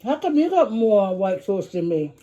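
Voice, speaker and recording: A woman's voice: mid-range voice, sing-song, normal speed, warm tone, dull audio. A middle-aged woman, chatting casually while eating and humming over her food. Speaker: vlogger eating with her daughter. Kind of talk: casual mukbang chat.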